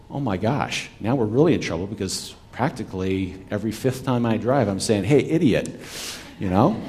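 Delivering a sermon in a lowish voice with a darkish tone, a pastor chats with the congregation. He asks rhetorical questions and responds back and forth with the people listening.

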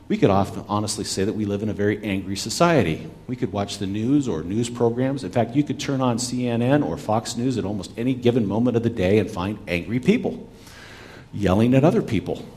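A man's voice: on the low side, expressive, fairly quick, darkish tone. A man giving a sermon as a pastor, talking conversationally with the congregation and asking rhetorical questions. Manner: talks back with listeners.

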